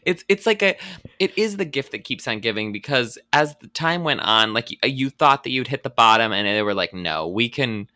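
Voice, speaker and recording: Very low-voiced deadpan woman co-host. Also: brisk, dry recording. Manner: deadpan, blunt and sarcastic. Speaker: podcast co-host. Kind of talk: casual chat.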